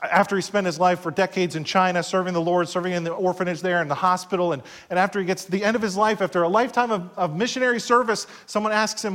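A middle-aged pastor preaching a sermon, swinging between loud passages and hushed asides and acting out quoted voices. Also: male voice, sits high, steady tone, fast talker, hardly any pauses. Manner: acts out quoted voices in short skits.

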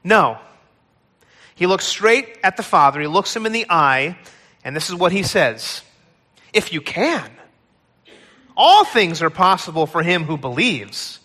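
High, bright-voiced male pastor preaching. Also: very animated, measured pace, pauses often, in a large hall. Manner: dramatic storytelling, acting out pleas. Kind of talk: sermon. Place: large church hall.

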